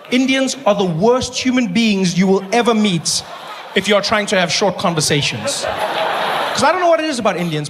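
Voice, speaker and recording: A man's voice: high voice, background noise. A South African man doing stand-up, telling stories animatedly with repeated punchlines. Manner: animated storytelling, repetitive punchlines. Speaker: stand-up comedian. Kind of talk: stand-up comedy. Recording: live club with crowd laughter.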